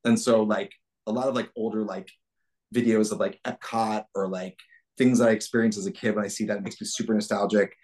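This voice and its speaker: A man's voice: fairly low pitch, steady tone, a little fast, a little mellow. A man being interviewed as a guest, talking in an enthusiastic, reflective way with many restarts. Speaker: puppeteer guest. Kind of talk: casual interview chat.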